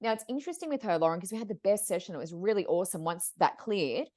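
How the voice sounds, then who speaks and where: A psychic medium appearing as a podcast guest tells animated stories, expressively voicing the people in them. She talks fast in a mid-range voice.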